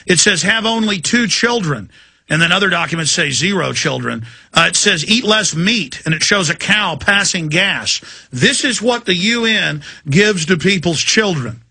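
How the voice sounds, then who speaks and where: A man's voice: high voice, expressive, moderate pace, creaky, pushed and bright, dry recording. A man hosting a talk radio show, ranting emphatically and taking callers. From Texas. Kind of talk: fiery talk radio monologue. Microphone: studio mic.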